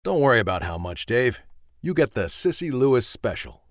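A man voicing a wry, gruff garage owner who talks in a drawling, bargaining way in an audiobook. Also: mid-range voice, very animated, moderate pace, dry recording, clean studio sound, pitched above the performer's own voice. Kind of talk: audiobook character voice.

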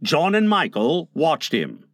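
A man reading a storybook with playful expression. His voice is fairly high and moves widely, and the sound is close and dry. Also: huge pitch swings, slow, fairly bright tone, no echo. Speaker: narrator.

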